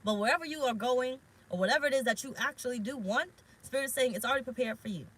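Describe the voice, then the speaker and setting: A bright-voiced woman tarot reader talks straight to her viewers in a loose, rambling way. She is frank and swears casually as she speaks. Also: high voice, fast, rough recording. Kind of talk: casual spiritual vlog talk. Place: parked car.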